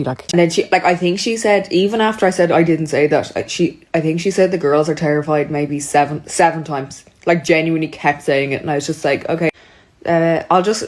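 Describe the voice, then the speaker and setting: A woman's voice: low-pitched, a little mellow. A young woman telling a chatty, exasperated storytime, acting out both sides of every exchange. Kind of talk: storytime monologue.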